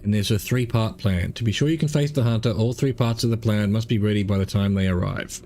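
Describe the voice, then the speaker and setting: A man's voice: lowish voice, a little fast, a little mellow, slight background noise. A man streaming a game, reading its text aloud and rambling through self-mocking asides. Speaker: gaming streamer.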